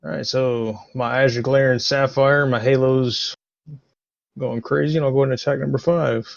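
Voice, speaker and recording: A man's voice: medium pitch, steady tone, normal speed, creaky, no echo, muffled recording. A man playing a tabletop game, eagerly describing his character's actions in dramatic terms. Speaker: player.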